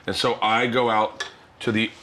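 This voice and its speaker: A middle-aged man hosting a casual chat, telling animated stories and acting out the people in them. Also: on the low side, normal speed, a little hiss or hum. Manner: animated anecdotes, acting out quoted people, laughing often. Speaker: host.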